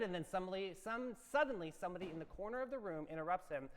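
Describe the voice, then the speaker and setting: A man's voice: high voice, lively intonation, brisk, hardly any pauses. A man co-hosting a morning show, reading playful horoscopes and telling a funny story in an upbeat, theatrical way. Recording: long reverb.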